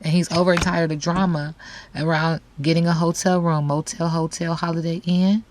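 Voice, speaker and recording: Low-voiced chatty woman tarot reader. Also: little pitch movement, moderate pace, a little mellow. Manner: chatty, slangy, frequent asides. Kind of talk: casual tarot reading to camera.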